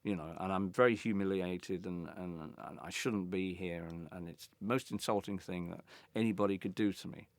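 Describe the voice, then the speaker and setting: A man's voice: deep voice, moderate pace, no echo. Older guy telling a backstage story, lots of stammery restarts, acts out everyone's lines, dry close sound. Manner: animated, acts out quoted voices, stammering restarts. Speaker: interviewee, former band guitarist. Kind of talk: anecdotal interview storytelling.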